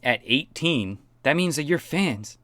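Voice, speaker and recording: A man's voice: fairly high pitch, expressive, measured pace, bright, forceful tone, no echo. A man giving mocking, profane commentary on a pop star. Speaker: commentary host. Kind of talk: sarcastic commentary.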